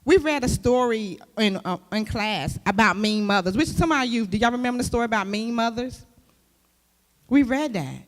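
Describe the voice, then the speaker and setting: A woman's voice: fairly high pitch, moderate pace. Woman preaching with rhetorical questions. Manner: lively, with rhetorical questions to the audience. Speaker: church speaker and youth teacher. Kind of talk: conversational sermon. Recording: long hall reverb.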